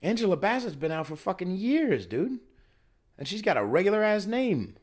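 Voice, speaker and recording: A man's voice: high voice, big pitch swings, moderate pace. A man hosting a solo podcast, ranting and riffing with lots of profanity while getting over a cold. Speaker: podcast host. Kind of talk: solo comedic podcast rant. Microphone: filming himself on camera.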